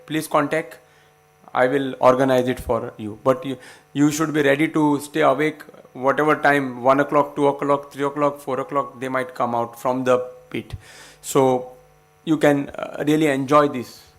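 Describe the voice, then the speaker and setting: Male lecturer, urgent and passionate, gravelly tone, faint hum under it. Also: fairly high pitch. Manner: earnest, passionate, urging. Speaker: guest lecturer. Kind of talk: public science talk to students.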